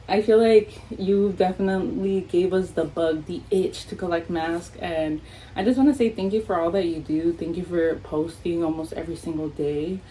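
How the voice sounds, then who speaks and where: A young woman from Texas vlogging an unboxing, hyper and excitable, swearing a lot and squealing. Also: on the low side, a little hiss or hum, low-quality recording. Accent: Texan. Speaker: vlogger unboxing masks and merch. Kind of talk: casual unboxing vlog.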